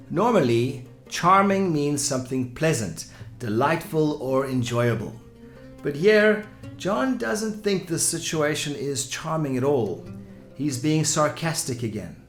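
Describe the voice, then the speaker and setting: A man teaching English vocabulary in a clear, explanatory way, giving example sentences. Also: fairly high pitch, expressive, a little slow. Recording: echoey room with soft music.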